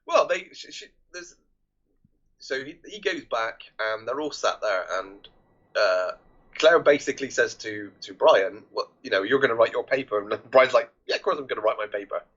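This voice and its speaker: A man's voice: medium pitch, animated, moderate pace, a bit bright. Man retelling a film, lo-fi sound. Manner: retells scenes quoting characters, many restarts. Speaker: podcast co-host. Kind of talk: casual film discussion. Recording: dull lo-fi podcast audio.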